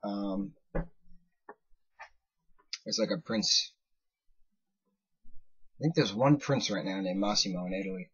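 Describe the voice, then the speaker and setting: A man's voice: lowish voice, slow, long pauses, husky, lo-fi sound. A young American man in his twenties, casually telling a rambling story to camera and stopping to work things out aloud. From United States. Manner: rambling, self-interrupting anecdote with animated quoted voices. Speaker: vlogger.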